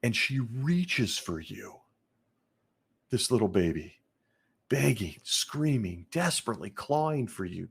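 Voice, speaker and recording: A man hosting a podcast, telling a disturbing story in a slow, intense monologue with heavy pauses. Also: lowish voice, sing-song, creaky, slightly rough. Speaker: podcast host.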